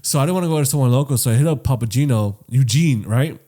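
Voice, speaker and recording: A man's voice: mid-range voice, fast talker. Profane storytelling podcast guy. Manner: profane, animated storytelling that swings loud and soft. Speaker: podcast co-host. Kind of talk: casual chat, storytelling.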